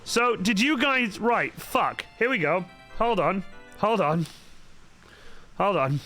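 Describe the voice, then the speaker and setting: A man's voice: sits high, animated, takes it slowly, bright, forceful tone. A young man chatting casually on a livestream while he paints, swearing constantly and muttering asides as he works. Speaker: cosplay livestreamer. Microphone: studio microphone. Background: faint background music.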